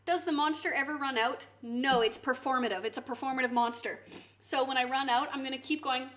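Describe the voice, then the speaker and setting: High-voiced woman chatting on a live stream. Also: fairly quick. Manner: animated, swings to loud mock outrage, swears. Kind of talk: casual live-stream chat. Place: home kitchen.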